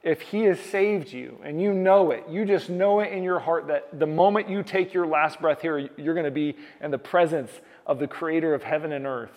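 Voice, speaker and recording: A man's voice: fairly high pitch, normal speed, few pauses, a little mellow. A man preaching a sermon as pastor, earnest, restarting and repeating key phrases for emphasis. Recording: long hall reverb.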